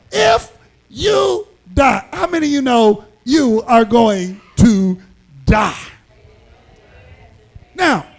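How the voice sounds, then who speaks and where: A male preacher with an unusually high, gravelly voice delivers an emphatic sermon. He talks slowly, with lively swings of pitch, and shouts his key lines. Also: poor audio.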